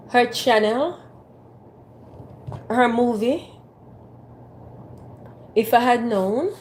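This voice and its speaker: A woman's voice: mid-range voice, a little mellow, slight background noise. A woman hosting a casual livestream from a phone on a ring light, playfully teasing and coaxing her viewers to type in the chat. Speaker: livestream host.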